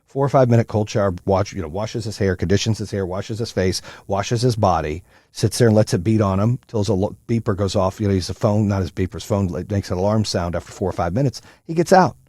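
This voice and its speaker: A middle-aged man hosting a solo motivational podcast, telling stories in a profane, animated way with lots of fillers. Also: lowish voice, fast talker, hardly any pauses, no echo, clean studio sound. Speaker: podcast host.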